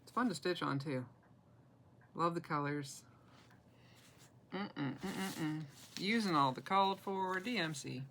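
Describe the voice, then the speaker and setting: A chatty woman shows off her stitching projects in a relaxed, self-deprecating way. Her fairly low voice has a gravelly edge. Faint noise hums behind her. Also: normal speed, rough recording. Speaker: cross-stitch vlogger. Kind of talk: casual show-and-tell chat.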